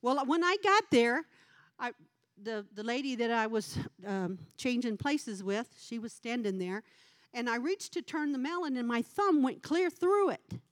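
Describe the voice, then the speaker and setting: A woman's voice: fairly high pitch, animated, unhurried. A middle-aged woman giving a devotional talk at a church gathering, telling a homey story in a chatty way and laughing often between lines. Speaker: lay speaker at a church gathering.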